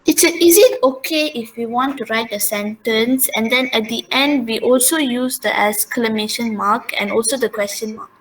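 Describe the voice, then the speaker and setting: Student girl unmuting to ask a question, kinda high voice, polite, bit of background hiss. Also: moderate pace, few pauses, poor audio. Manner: polite, speaks up. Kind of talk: asking a question in class.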